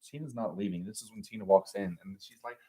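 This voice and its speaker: A man talking through a film recap with his co-host. His voice sits a bit low in pitch, and his delivery is dry and sarcastic, breaking now and then into squeaky falsetto impressions. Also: fast, crowd noise, low-quality recording. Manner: sarcastic, acts out characters in falsetto. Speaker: podcast co-host. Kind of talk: casual movie-recap chat.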